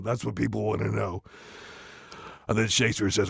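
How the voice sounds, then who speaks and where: A man giving a rambling, deadpan comic monologue full of restarts and asides, close to the mic. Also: fairly low pitch, normal speed, vocal fry, long pauses, breathy edge, no echo. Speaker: comedian doing a parody reading.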